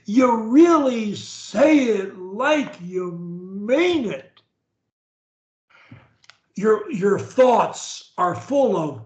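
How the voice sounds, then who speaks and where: A man leading a speech therapy session, modeling phrases slowly and emphatically. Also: echoey room. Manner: emphatic, slow modeling of phrases, swoops up and down in pitch.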